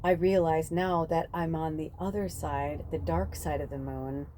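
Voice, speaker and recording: A woman's voice: deep voice, steady tone, unhurried, background noise. A woman hosting a spiritual podcast, talking in a casual, rambling monologue full of fillers and the odd swear word.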